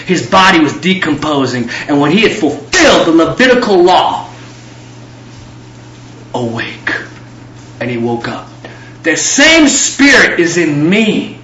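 High-pitched guy preaching hard, repeats lines to build it up, echoey room, kinda dull sound. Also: very animated, measured pace, pauses often, pushed and bright, a little hiss or hum. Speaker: pastor. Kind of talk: sermon.

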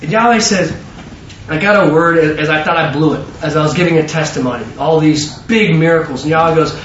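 A man preaching a sermon full of stories, animated and stumbling over repeated words. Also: a little high, fast talker, slight background noise. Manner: animated, self-interrupting with repeated words and laughs. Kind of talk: sermon with storytelling. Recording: distant roomy mic, slightly dull.

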